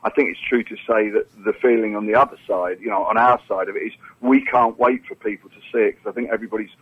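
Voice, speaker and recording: A man from the UK, a guest in a phone interview, who talks haltingly and repeats words as he thinks. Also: on the low side, fairly even intonation, breathy edge. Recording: tinny phone line.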